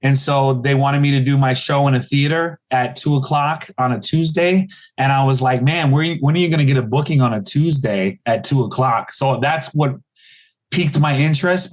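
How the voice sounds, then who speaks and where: Telling funny stories in a casual podcast interview, a forties-aged comedian from Chicago speaks at a normal middle pitch. He's an animated storyteller who jumps suddenly high when voicing the people he quotes.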